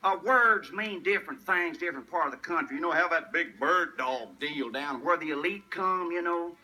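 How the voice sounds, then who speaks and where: Older man, rural Tennessee drawl, folksy tall-tale teller, high, sharp voice. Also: normal speed, low-quality recording. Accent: Southern US, rural West Tennessee. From Tennessee, USA. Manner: tall-tale humor, chuckling at his own punchlines. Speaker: storyteller. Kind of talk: folksy humorous storytelling.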